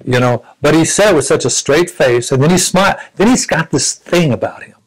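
A man in his seventies from the United States, a veteran recalling his service in a reflective, halting way. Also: on the high side, animated, slightly rough, low-quality recording. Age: 70s. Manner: reflective, halting storytelling with frequent restarts. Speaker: Vietnam War veteran interviewee. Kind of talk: recounting personal memories.

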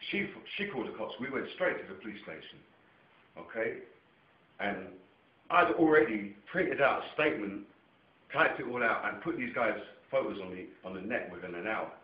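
An English man rants through a personal story to camera, swearing constantly and swinging between low mutters and heated near-shouts. His voice sits at an ordinary middle pitch. The sound is lo-fi and dull, in a roomy echo with a faint hiss behind it. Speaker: vlogger telling a personal story. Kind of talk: rambling casual storytelling to camera.

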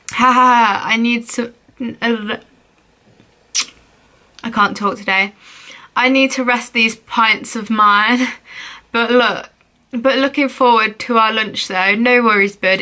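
A woman's voice: on the high side, bright, forceful tone. A young woman vlogging as she plays a phone game, reading messages aloud in a playful, giggly way.

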